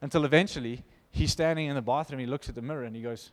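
A man preaching an informal sermon, reading scripture aloud and commenting with animated emphasis. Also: mid-range voice, racing, in a large hall. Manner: animated, emphatic, laughs between points.

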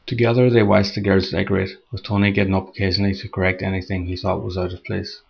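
A man narrating a scripted horror story in a steady, measured reading, on a dull lo-fi recording. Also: low voice, vocal fry, a little hiss or hum.

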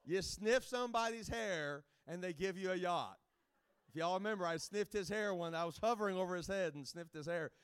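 A man's voice: high-pitched, a little fast, smooth. A man speaking as a guest evangelist, giving a jokey, rambling informal sermon to a camp with many restarts.

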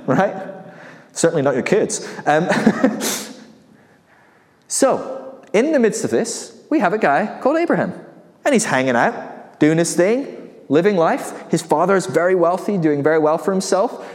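A man's voice: sits high, very animated, unhurried. A man preaching in a casual, conversational way, full of rhetorical questions and light chuckles. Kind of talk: casual sermon. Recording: long hall reverb.

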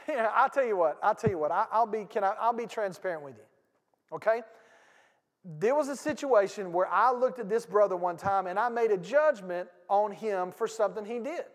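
A man preaching a sermon as pastor, talking conversationally, swinging from loud bursts to hushed asides and repeating phrases for emphasis. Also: high-pitched, animated, moderate pace, long reverb tail. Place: church sanctuary.

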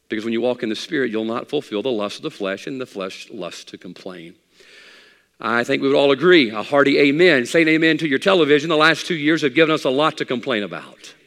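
Gravelly preacher in a big reverberant hall. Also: male voice. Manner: preaching with swings from loud high exhortation to low asides. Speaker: pastor. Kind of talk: sermon.

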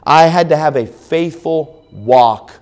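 Man, middle-aged, pastor, sermon, fairly high voice, storytelling, stumbling restarts. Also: darkish tone. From American South. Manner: storytelling, with frequent repeated restarts; slow, solemn scripture reading. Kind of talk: conference sermon.

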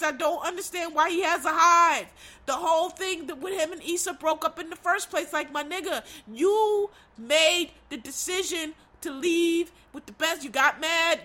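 A middle-aged woman who comments on TV delivers a blunt, profane, emphatic rant about a show in a casual way. Her voice sits high and sounds pushed and bright.

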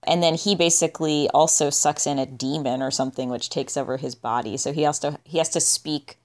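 Low-pitched woman, casual podcast co-host, dry and offhand. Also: fairly even intonation, fairly quick. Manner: dry, musing, trails off with "I guess". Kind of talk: casual movie discussion.

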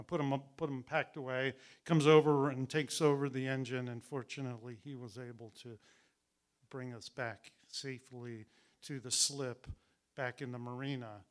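Bright, chatty man telling a story. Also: medium pitch. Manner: chatty, laughing as he tells it, acts out the voices.

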